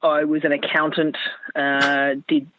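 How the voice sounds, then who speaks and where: A woman's voice: low voice, flat delivery, unhurried, phone-quality sound, background noise. An Australian woman comedian chatting bluntly as an interview guest, laughing easily. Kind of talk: casual interview chat.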